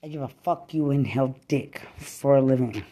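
A woman's voice: extremely low pitch, normal speed, mellow. A woman, a mother, in a furious rant, cursing and repeating threats over and over. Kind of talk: angry profane rant.

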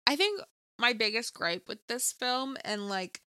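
A young woman chatting casually about an old movie, acting out lines with lively reactions. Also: a little high, unhurried, clear, resonant tone, dry recording, studio quality. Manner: animated, acts out quotes. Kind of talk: casual movie review chat.

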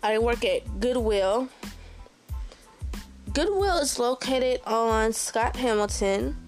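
A young woman giving a casual personal update, full of halting restarts and repeated exclamations. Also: on the high side, expressive, soft background music. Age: young adult. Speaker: recent high school graduate.

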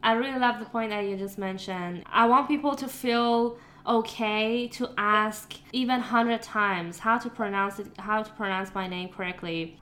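A woman's voice: mid-range voice, fairly even intonation, normal speed, hardly any pauses, fairly bright tone. A woman hosting a podcast, talking frankly and laughing easily in a casual interview. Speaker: podcast host.

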